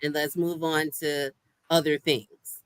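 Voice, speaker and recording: A woman on a casual podcast chat, speaking in a measured, thoughtful way. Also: deep voice, level tone, clear, resonant tone, dry recording.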